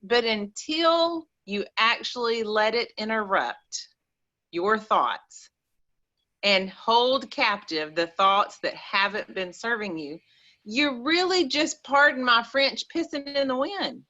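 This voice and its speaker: A woman with an East Texas accent, chatting as a caller on a call-in show in an animated, rambling, folksy way. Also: fairly high pitch, takes it slowly, dull audio. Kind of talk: casual chat.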